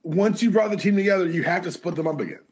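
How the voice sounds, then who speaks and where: A man's voice: high voice, fast talker, darkish tone, slightly rough. A man co-hosting a casual review show, joking bluntly and swearing freely. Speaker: podcast co-host.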